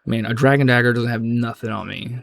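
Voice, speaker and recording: A man's voice: medium pitch, steady tone, a little fast, gravelly, a bit bright. A young adult man in a casual, rambling gaming chat, loose and slangy, often restarting his sentences. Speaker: gaming vlogger.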